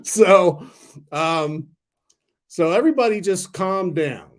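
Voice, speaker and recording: A man in his thirties hosting a casual stock talk livestream, rambling and excitable, swearing freely. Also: high-pitched, takes it slowly. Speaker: stock talk channel host.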